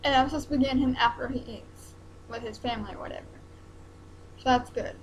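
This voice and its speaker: High-pitched, halting young woman vlogging. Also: fairly even intonation, a little hiss or hum, rough recording. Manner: hesitant, halting, many ums and restarts. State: close to tears. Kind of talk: emotional personal vlog.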